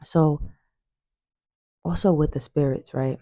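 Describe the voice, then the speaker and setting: Mellow-voiced woman telling spiritual stories. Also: deep voice, slow pace, dry recording. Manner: animated, emphatic, repeats phrases, calls listeners baby. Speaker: spiritual vlogger. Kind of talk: casual storytelling monologue. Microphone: phone.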